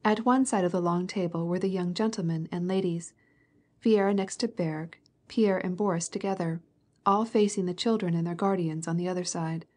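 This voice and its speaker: A woman narrating a classic novel as an audiobook, in an even, measured storytelling manner. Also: lowish voice.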